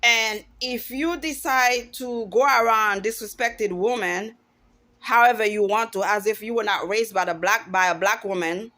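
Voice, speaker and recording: A woman's voice: medium pitch, unhurried, bright, forceful tone. A woman in her forties giving an emphatic, outspoken opinion monologue to camera, often restarting her sentences as she goes. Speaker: vlogger.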